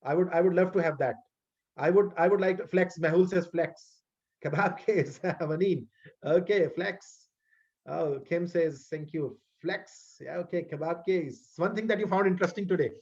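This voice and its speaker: Halting man teaching over a video call. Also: high-pitched, darkish tone. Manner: halting, repeats words, friendly and encouraging. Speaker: college web development instructor. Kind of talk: online class lecture wrap-up. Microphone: computer mic on a video call. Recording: dull lo-fi call audio.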